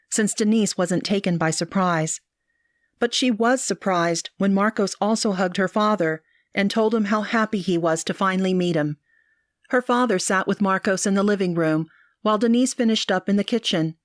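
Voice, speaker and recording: A woman narrating an audiobook in an even, measured way. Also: medium pitch, no room sound, studio quality.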